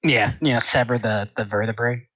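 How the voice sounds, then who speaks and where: A young man playing a tabletop game, speaking in a calm, matter-of-fact way. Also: medium pitch, moderate pace, lo-fi sound. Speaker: player. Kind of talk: casual tabletop play.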